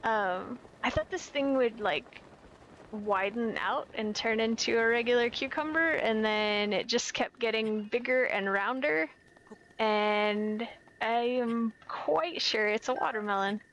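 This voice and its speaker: A young woman chats casually as she streams a game, giggling often and poking fun at herself. Her voice sits a bit high for a woman, with faint noise underneath. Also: measured pace, fairly bright tone, lo-fi sound. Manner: chatty and giggly, self-deprecating. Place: home, lives in California.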